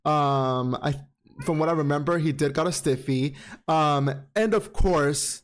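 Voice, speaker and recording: A man hosting a casual show, recapping comics in an expressive, sassy way, full of swearing and dramatic repeated exclamations. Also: fairly high pitch, unhurried. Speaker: podcast host.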